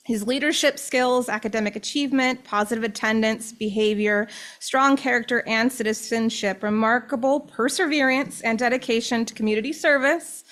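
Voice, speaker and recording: A woman reading a formal award recommendation aloud at a school board meeting, measured and steady. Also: a little high. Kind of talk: reading a prepared statement aloud.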